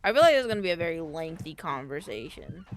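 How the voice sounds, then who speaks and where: A young woman streamer chatting casually while gaming, rambling playfully and thinking out loud. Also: low-pitched, sing-song, quick pace, slight background noise.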